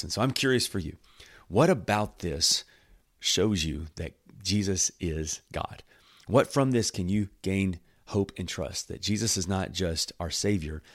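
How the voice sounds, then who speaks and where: A man teaching a Bible passage in a casual, excitable way, reading scripture aloud and acting out small scenes with jokes between readings. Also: sits low, no echo, studio quality. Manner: excitable, jokey, acts out little scenes.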